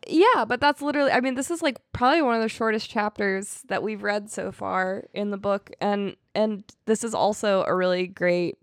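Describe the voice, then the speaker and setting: A woman's voice: medium pitch, moderate pace, hardly any pauses, no room sound, studio quality. A young woman co-hosting a podcast in casual chat. She giggles, swears freely and retells film scenes. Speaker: podcast co-host.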